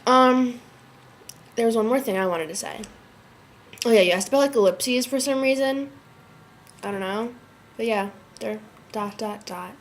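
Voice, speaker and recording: A woman's voice: on the high side, normal speed, long pauses. Sick teenage girl rambling with "like". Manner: chatty, fills every phrase with "like". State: sick and worn out. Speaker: vlogger. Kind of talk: casual chat to camera. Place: dorm room at a summer camp.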